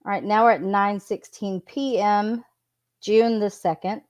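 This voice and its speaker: A woman reading text messages aloud and adding casual commentary, in an unhurried, plain delivery. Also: mid-range voice, fairly even intonation, a little mellow. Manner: unhurried, reads quotes in a plain voice. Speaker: true crime commentator.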